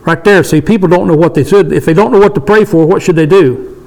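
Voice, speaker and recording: A man's voice: high-pitched, fast, darkish tone, poor audio. A man in his sixties leading a casual Bible study discussion, emphatic and repeating his points for stress. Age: 60s.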